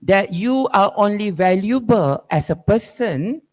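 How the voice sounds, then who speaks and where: A man's voice: high voice, animated, a little slow. A man giving an academic keynote lecture, driving his points with rhetorical questions and "right?" tags. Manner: probing, emphatic lecturing. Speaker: keynote speaker.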